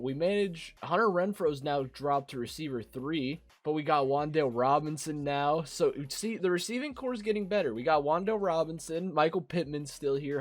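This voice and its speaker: A young man with a raspy voice from a cold, commentating a football video game and yelling at big plays. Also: on the high side. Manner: excitable, yells at big plays. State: hoarse from a cold. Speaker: gaming commentator.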